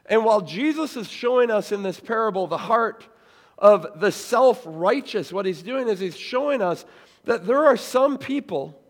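Male pastor, animated sermon delivery, high voice, long hall reverb. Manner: animated, acts out quoted voices.

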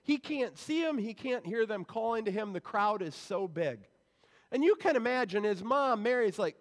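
A man's voice: high-pitched, lively intonation, normal speed. A male pastor giving a sermon in a church sanctuary, explaining scripture in a conversational way. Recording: long reverb in a church hall.

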